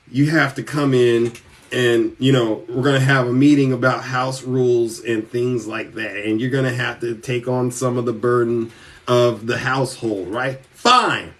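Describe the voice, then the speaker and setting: A man hosting a show, telling a comic story in an animated way and calling himself by name. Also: mid-range voice, recorded from a distance. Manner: animated, refers to himself in the third person. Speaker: podcast host. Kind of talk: comedic storytelling monologue.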